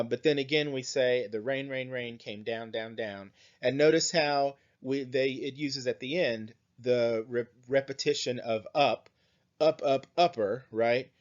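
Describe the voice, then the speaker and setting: A man's voice: medium pitch, muffled recording. A man teaching an English class, explaining poems and song lyrics with frequent "right?" checks and fillers. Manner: slow, thinking aloud with frequent "right?" and "um"; reads lyrics and verse aloud. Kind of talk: recorded lecture.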